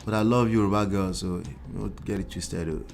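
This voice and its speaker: A man, a relationship coach and host, giving animated commentary in an exclamatory, teasing way full of rhetorical asides. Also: deep voice, moderate pace, gravelly, soft background music. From Nigeria.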